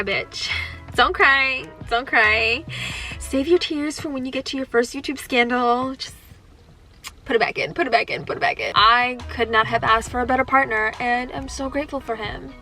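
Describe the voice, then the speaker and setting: A woman's voice: on the high side, sharp tone. A young woman answering viewer questions in a casual vlog, playful and joking as she chats. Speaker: vlogger.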